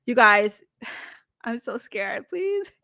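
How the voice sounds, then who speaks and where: A woman's voice: fairly high pitch, big pitch swings, very slow, creaky, bright, forceful tone, dry recording. A young woman chatting to her livestream viewers as she recaps a reality show, giggly and dramatic, talking into a close mic. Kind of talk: casual livestream commentary.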